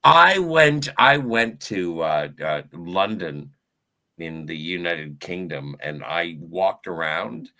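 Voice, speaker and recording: Slow, gravelly male joker, deadpan, low-ish. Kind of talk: casual podcast chat.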